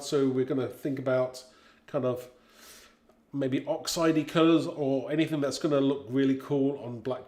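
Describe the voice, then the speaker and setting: A man's voice: fairly high pitch, darkish tone, echoey room. A man in his fifties from Britain, hosting a live craft stream in a casual, chatty way, reading viewers' comments aloud and laughing often. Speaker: craft livestream host.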